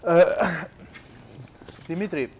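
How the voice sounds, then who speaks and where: Host with halting, broken phrasing. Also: male voice, fairly high pitch, slight background noise. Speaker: talk show host. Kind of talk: interview questions.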